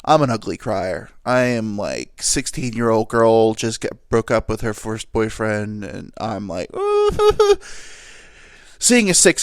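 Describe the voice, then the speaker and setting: A young man with a fairly low voice hosts his own podcast, delivering a casual solo monologue that rambles, pokes fun at himself and includes crude jokes. The recording is dry and studio-clean.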